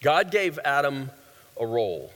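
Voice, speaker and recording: A pastor preaches conversationally, asking the audience questions and joking, with long hall reverb on the recording. His fairly bright, medium-pitched voice swings widely and runs a little slow.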